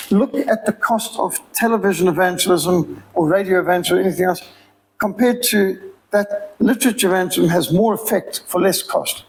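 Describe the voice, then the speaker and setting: A man's voice: sits high, vocal fry, a little hiss or hum, low-quality recording. A man with a Rhodesian accent giving an emphatic, preacherly sermon-style appeal as a missionary speaker. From Zimbabwe.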